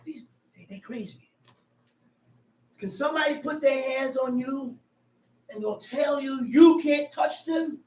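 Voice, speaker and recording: A high-pitched man preaching in a slow, deliberate way, forceful and repetitive. He is recorded from a distance in a roomy, echoing space. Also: a little hiss or hum. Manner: loud, emphatic, repeats words. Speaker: teacher. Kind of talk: street preaching. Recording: echoey, distant mic.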